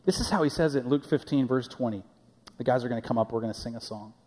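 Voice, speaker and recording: A man preaches in a loose, conversational way and often repeats his words as he goes. His pitch sits in the middle range. His voice carries the long reverb of a church sanctuary. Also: quick pace, warm tone. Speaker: pastor. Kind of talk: sermon.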